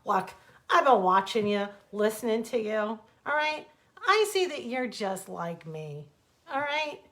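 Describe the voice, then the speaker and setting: A woman's voice: a little high, very animated, unhurried, fairly bright tone. A woman voicing a mean, grumpy male creature who speaks snappishly in a bedtime storybook reading. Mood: scornful. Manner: snappish, scornful.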